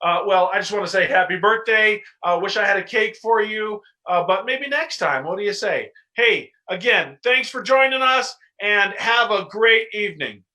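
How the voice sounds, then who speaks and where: Bright-voiced man closing a livestream. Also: high-pitched, animated, normal speed, few pauses, low-quality recording. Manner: upbeat, thankful, with fillers. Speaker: host. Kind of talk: casual livestream hosting.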